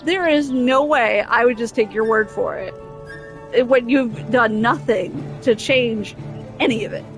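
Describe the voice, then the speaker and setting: A woman with a rather high voice streams a game over music, speaking a little slowly. She vents casually, exasperated and emphatic, repeating herself and circling back to the same point.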